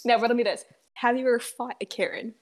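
A woman's voice: a little high, fairly even intonation, fast. A teenage girl co-hosting a podcast, telling a story in casual chat, laughing often and swearing freely. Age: teens. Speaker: podcast co-host.

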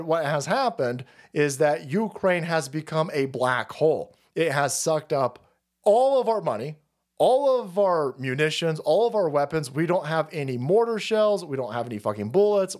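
A man hosting a live stream, ranting in a sarcastic, foul-mouthed way. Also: fairly high pitch. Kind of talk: profane political rant stream.

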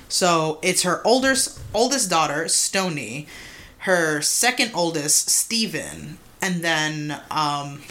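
A woman's voice: low voice, pushed and bright. A young woman co-hosting a podcast, retelling a true-crime case in a loose, profane chat full of "like" and "mind you". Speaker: podcast co-host.

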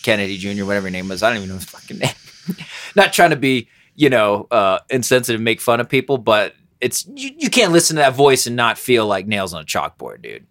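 A man hosting a podcast, chatting casually in a rambling, animated way and swearing freely. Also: on the low side, brisk. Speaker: podcast host. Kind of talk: casual chat.

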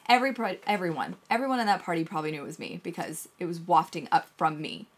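Woman on a podcast, rambling story, swears a bunch, voice shoots up high when she gets worked up, bit low overall. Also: quick pace, slightly rough. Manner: animated storytelling, swears a lot. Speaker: podcast co-host. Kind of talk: casual chat.

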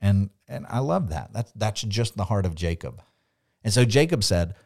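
A man with a fairly low voice unpacks a Bible passage on a podcast. He talks earnestly and with animation, slipping into lively quoted dialogue as he explains. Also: normal speed, creaky. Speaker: podcast co-host. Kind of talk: Bible study discussion.

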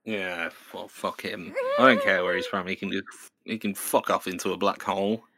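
A man's voice: sits low, fairly even intonation, moderate pace, pushed and bright, no echo. A man co-hosting a comedy podcast, swearing freely and riffing into silly bits. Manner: swearing, riffs into silly voices. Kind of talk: crude comedic podcast banter.

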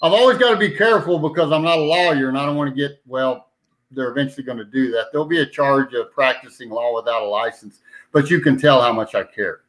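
A man's voice: mid-range voice, fast talker, a bit bright, poor audio. A man casually telling a long story in a folksy, rambling way, often circling back with "anyway.". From New Mexico. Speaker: podcast guest, citizen petition organizer.

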